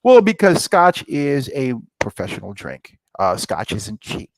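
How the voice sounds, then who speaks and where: A middle-aged man, a guest on a podcast, telling his story in a lively way and acting out the dialogue. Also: medium pitch, measured pace. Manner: lively storyteller, acts out dialogue with rising excitement. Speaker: scotch company founder, guest. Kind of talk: animated storytelling interview.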